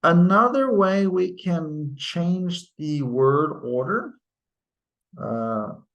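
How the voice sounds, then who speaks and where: A man teaching a grammar lesson, explaining sentence structure in a deliberate way and reading out example sentences. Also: fairly high pitch, animated, fairly bright tone. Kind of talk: grammar lecture.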